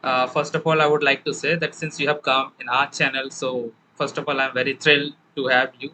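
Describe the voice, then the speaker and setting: A man's voice: medium pitch, little pitch movement, a little fast, bright, forceful tone, a little hiss or hum, rough recording. A man from Bengal with an Indian English accent, an English teacher hosting a conversation and explaining pronunciation, often checking with "right?". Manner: explains with many "right?" tag questions. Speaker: English teacher and channel host. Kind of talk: casual conversational interview.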